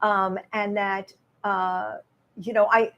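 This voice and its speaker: Animated older woman telling her story. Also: medium pitch, slow, dull audio. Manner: animated storyteller, acting out quoted exchanges with laughter. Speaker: author and guest. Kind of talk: conversational interview at a live author event.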